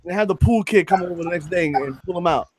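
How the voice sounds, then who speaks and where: A man on a casual collectors' panel, loud, profane and joking. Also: high voice, quick pace, a little hiss or hum. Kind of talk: casual chat.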